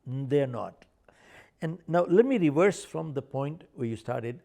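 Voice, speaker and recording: An older man speaks in an interview, his voice gravelly and somewhat high, swinging widely in pitch as he tells stories. He drives each point home with forceful repetition. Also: sing-song, moderate pace. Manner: emphatic, repeats points for stress. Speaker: author and speaker. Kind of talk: animated interview storytelling.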